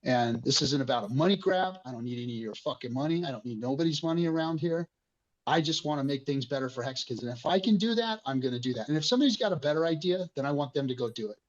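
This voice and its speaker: A man's voice: medium pitch, animated, quick pace, lo-fi sound. A man hosting an online community discussion, speaking passionately and emotionally with frequent swearing.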